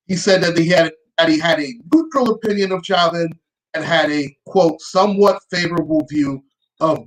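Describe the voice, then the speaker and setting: On a low-quality recording, a woman who hosts her own show reads out a news story in a deep voice, peppering it with dry, sarcastic commentary.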